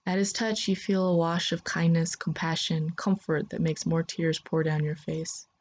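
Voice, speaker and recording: A woman narrating a sci-fi story in the second person, in a calm, steady storytelling manner. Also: low voice, moderate pace.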